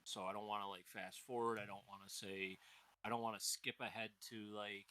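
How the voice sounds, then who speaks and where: A man narrating as game master, explaining rules and scenes in a relaxed, chuckling way. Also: lowish voice, fairly quick, rough recording.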